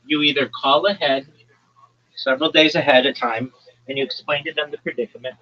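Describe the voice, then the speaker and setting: A man from New Jersey, hosting a livestream and ranting crudely in a loud, brash, profane comedic tone. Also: medium pitch, fairly even intonation, fairly quick, highs cut off. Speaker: livestream host.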